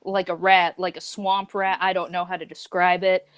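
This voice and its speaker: A young woman co-hosts a youth group livestream, chatting casually and reading memes aloud in a laid-back way, full of "like," "man," and "dude." Her voice is on the low side, with a flat delivery, normal speed, and a clean tone.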